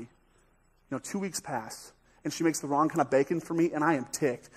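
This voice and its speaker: A man with an American accent preaching a sermon in a church, lively and joking, often acting out little voices and quotes. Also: sits high, normal speed, breathy edge. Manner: energetic, jokey, acts out voices. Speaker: pastor. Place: church sanctuary.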